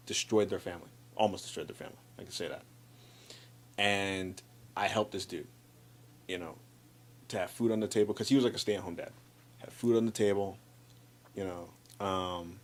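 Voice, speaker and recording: A man telling personal stories in a casual chat, animated, restarting and repeating words, acting out what friends said. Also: lowish voice. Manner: acts out friends' lines in livelier voice.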